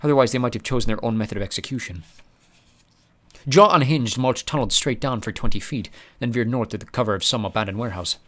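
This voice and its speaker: A man narrating an audiobook with expressive storytelling. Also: medium pitch, fast. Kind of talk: scripted narration.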